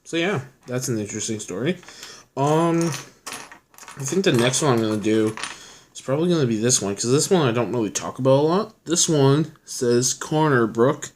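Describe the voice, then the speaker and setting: A man's voice: mid-range voice, expressive, moderate pace, a little hiss or hum. A young man chatting casually in a vlog, telling rambling stories full of fillers. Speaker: vlogger. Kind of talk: casual chat showing his collection.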